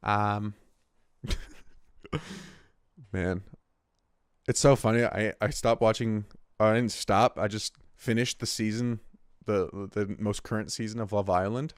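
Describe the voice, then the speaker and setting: Twenties guy rambling on his own show, lowish smooth voice, swears a lot, dry close sound. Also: slow pace, long pauses, no echo. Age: 20s. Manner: rambling, profane, restarts often. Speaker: host. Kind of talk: casual solo monologue.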